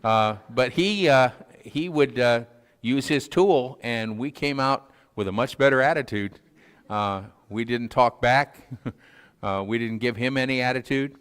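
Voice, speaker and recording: A man's voice: mid-range voice, unhurried, a bit bright, clear, resonant tone, long reverb tail. A man preaching a casual, folksy sermon in a church, peppered with fillers and little chuckles. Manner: folksy, self-deprecating, frequent fillers and chuckles. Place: church sanctuary.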